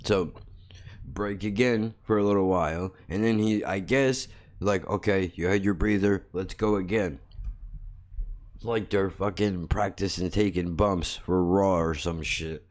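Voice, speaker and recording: Man, lowish voice, podcast host, casual comedic storytelling, blunt, swears constantly, self-mocking. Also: steady tone, measured pace. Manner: blunt and heavily profane; self-mocking, laughs at his own jokes.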